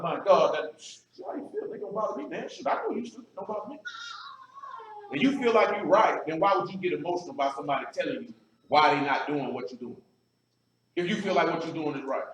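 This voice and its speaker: A man preaching a blunt, emphatic sermon in casual street talk, often asking "you know what I'm saying". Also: on the high side. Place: assembly room. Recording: echoey room, speaker far from the mic, faint noise.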